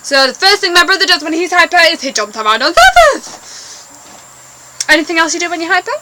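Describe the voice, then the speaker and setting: A woman's voice: very high-pitched, sing-song, quick pace, noisy background. A woman chatting casually to camera as a vlogger, bossy and talkative toward her brother.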